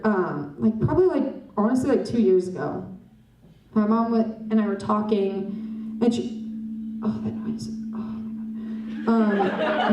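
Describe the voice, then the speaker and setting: A young woman does stand-up on a club stage, rambling and poking fun at herself as she chats with the crowd. Her medium-pitched voice is a little mellow, with a faint hiss or hum. The club sound is roomy and captured from a distance.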